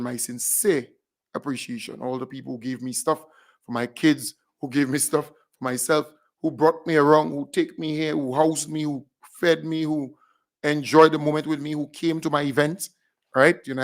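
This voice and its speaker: A man with a Grenadian accent hosting a radio show, animated, repeating himself as he calls out names and thanks listeners. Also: mid-range voice. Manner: animated, repeats phrases, big up shout-outs. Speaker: radio host. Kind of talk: casual radio shout-outs.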